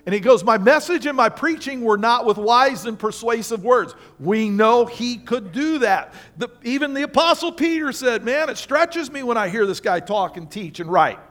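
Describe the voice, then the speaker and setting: Animated preaching man, faint music behind. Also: very high-pitched, moderate pace, few pauses. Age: older. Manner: animated, conversational preaching with call-and-response. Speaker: pastor. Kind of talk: sermon. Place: church sanctuary.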